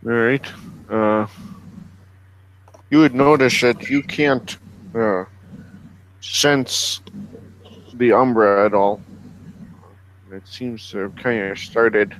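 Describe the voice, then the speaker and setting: A man's voice: mid-range voice, fairly even intonation, slow pace, pauses often, a little hiss or hum, poor audio. A man running a tabletop game as game master, hesitant, with many fillers.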